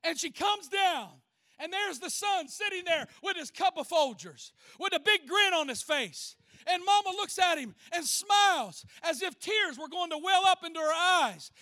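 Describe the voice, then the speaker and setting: In a folksy, animated sermon, a pastor teases his congregation with everyday stories and then turns serious. For a man his voice is unusually high, bright and forceful, and he speaks at a normal speed. The recording is close and dry, with no echo from the room.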